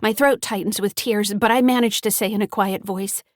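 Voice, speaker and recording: A woman's voice: medium pitch, fairly even intonation, normal speed, dry recording, lightly acted. Woman reading as a scared teen girl telling her story, shaky and pleading, dry close audio. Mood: tense. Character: frightened teenage granddaughter, first-person narrator. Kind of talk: audiobook narration.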